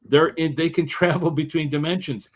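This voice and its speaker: A man being interviewed as an author, telling stories in an animated way with wide swings in his voice. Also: a little high, moderate pace. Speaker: author and guest. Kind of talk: interview conversation.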